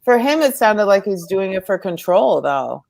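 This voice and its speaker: A woman's voice: mid-range voice, very animated, normal speed, gravelly, darkish tone. A woman comedian appearing as a podcast guest, talking bluntly and outspokenly in casual chat.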